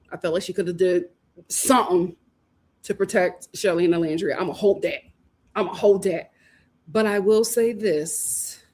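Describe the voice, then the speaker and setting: A woman in her thirties, originally from Philadelphia, hosting a casual reality-show recap and talking straight to her viewers with plenty of laughter. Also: medium pitch.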